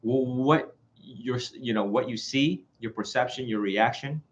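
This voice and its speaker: A man's voice: mid-range voice, a little slow. A man giving an informal dharma talk as a Buddhist teacher, chatty and self-mocking, laughing often and acting out little voices. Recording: dull lo-fi recording.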